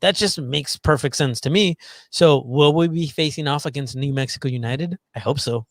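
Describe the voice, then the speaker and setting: Lively, slightly high-voiced male podcaster. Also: normal speed, dry recording, clean studio sound. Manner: lively, teasing, explanatory. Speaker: podcast co-host. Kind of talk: casual chat.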